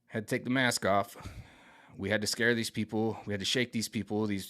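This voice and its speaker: Rambling, emphatic man with a low voice. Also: a bit bright. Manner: rambling, repetitive, emphatic, with many restarts. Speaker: tarot card reader. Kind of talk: casual spiritual vlog reading.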